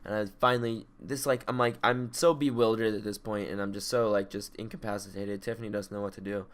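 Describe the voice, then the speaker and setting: A man's voice: fairly low pitch, fairly even intonation, fairly quick. Rambling, swearing young man. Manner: rambling, swearing, shouts in re-enactments. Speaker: podcast co-host. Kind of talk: casual chat.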